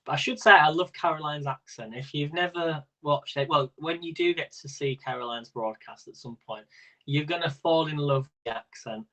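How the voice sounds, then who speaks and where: Man, quiz host, chatty, rambling, slightly high voice, live stream. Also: moderate pace, a bit bright, highs cut off. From Britain. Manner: chatty and rambling, laughs often.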